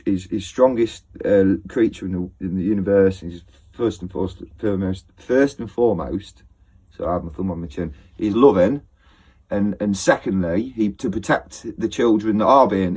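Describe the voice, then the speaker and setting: Man, husky, casual rambling vlog talk, hesitant with fillers. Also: fairly low pitch. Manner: hesitant, many fillers and restarts, laughs often. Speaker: video blogger.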